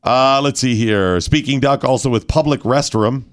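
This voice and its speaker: A hoarse man hosting a morning radio talk show, telling animated stories and acting out what other people said. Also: medium pitch, normal speed, no echo, studio quality. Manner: animated storyteller, acts out other people's lines.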